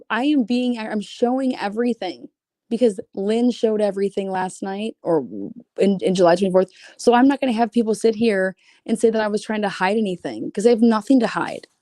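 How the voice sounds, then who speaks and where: A woman's voice: medium pitch, dark tone, no room sound, clean studio sound. A woman streaming casually, reading private messages aloud with blunt, sarcastic, profane asides. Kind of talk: casual livestream commentary.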